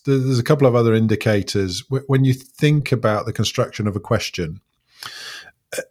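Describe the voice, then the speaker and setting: Low-voiced man musing on listening. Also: darkish tone. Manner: thoughtful, with frequent restarts. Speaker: guest coach. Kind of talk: reflective conversational explanation.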